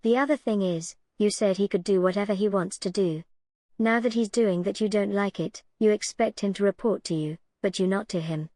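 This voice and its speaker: Woman commentator, sarcastic and cutting, mid-pitched, dead-dry recording. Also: brisk, a little mellow, dry recording. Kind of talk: reaction commentary voice-over.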